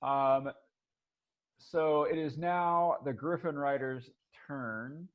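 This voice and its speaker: A man's voice: fairly high pitch, takes it slowly, dull audio. Chatty man running a tabletop game. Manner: rambling, restarts often, laughs a lot. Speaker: dungeon master.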